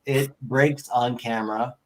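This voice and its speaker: Animated man telling a wild story. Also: mid-range voice, measured pace, poor audio. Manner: animated, acts out other people's voices. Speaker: guest. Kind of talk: storytelling anecdote.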